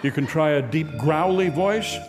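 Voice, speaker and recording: A male radio host reading a comic mock commercial with wry, rapid-fire rhetorical questions. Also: fairly high pitch, long reverb tail, soft background music.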